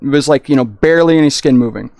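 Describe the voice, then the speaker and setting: A man chatting casually on a livestream, rambling and excitable, often restarting his sentences. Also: mid-range voice, racing, gravelly, dry recording.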